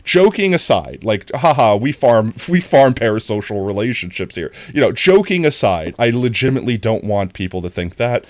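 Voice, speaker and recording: A young man talking to his stream chat while he plays, rambling and restarting his sentences. His pitch swings lively up and down. The sound is dry and close, with no room behind it. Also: normal speed, few pauses, no room sound. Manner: rambling, talks to chat, frequent self-interruptions. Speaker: livestreamer.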